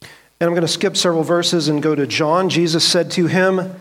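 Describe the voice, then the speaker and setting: With a voice on the high side, a man teaches a church Bible class at a normal speed and with fairly even intonation. He earnestly quotes scripture and asks the group questions.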